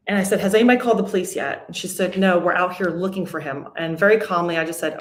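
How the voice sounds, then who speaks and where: Steady, candid woman in a roomy space. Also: lowish voice, very fast, few pauses. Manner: candid, steady even through hard memories. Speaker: podcast guest. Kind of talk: emotional personal storytelling. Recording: roomy echo.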